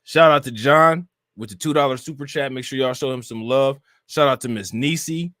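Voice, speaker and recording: A man's voice: mid-range voice, normal speed, fairly bright tone, no room sound. A man hosting a casual reaction livestream, talking in a loose, slangy way and breaking into laughter. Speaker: livestream host.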